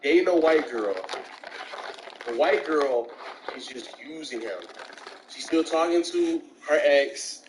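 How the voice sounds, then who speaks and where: A man's voice: takes it slowly, pauses often, background noise. A man telling stories in casual chat and acting out the people in them with jumps in his voice. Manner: animated, acts out quoted voices with big pitch jumps.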